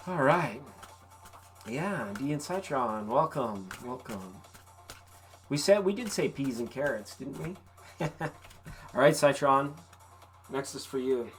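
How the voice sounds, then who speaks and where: Laid-back tarot host chatting live. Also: medium pitch. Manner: relaxed, folksy and encouraging, with casual swearing. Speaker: tarot reader hosting a live stream. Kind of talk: casual live-stream chat with viewers. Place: vacation rental.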